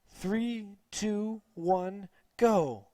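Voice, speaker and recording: A man's voice: on the high side, sing-song, a little slow, dry recording. A man voicing a friendly, encouraging female substitute teacher in a read-aloud storybook. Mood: cheerful. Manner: warm, encouraging.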